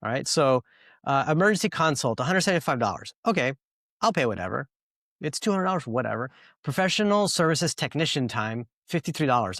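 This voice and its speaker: Male podcast host, casual and rambling, animated when telling stories, dry sound. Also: mid-range voice, dry recording. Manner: rambling, filler-heavy, animated storytelling.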